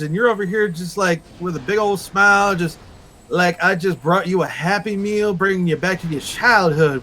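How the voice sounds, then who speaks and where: A male game streamer talks in a sarcastic, crude, rambling rant. His voice sits a bit high for a man. A faint hiss sits under the recording. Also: moderate pace, pushed and bright, low-quality recording. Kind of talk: casual chat while gaming.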